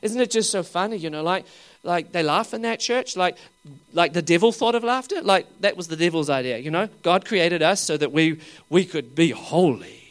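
With lively intonation at a moderate pace, this mid-range-voiced preacher gives a humorous sermon full of laughter and questions for the congregation. The delivery jumps from loud exclaiming to hushed side remarks.

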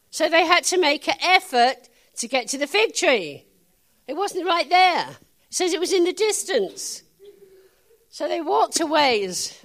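A woman preacher telling a story in her sermon, chatty and quick to laugh. Her voice swings up and down with animated emphasis, sitting a little high. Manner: chatty, laughs often, playful asides.

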